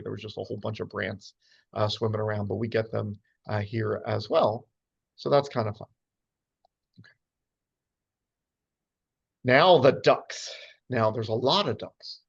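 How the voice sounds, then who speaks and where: A man's voice: medium pitch, gravelly. Talky birding guy, lots of ums and asides, dull lo-fi recording. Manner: chatty, many fillers and asides. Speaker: birding lecturer. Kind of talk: casual slide talk on birds. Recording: dull lo-fi sound.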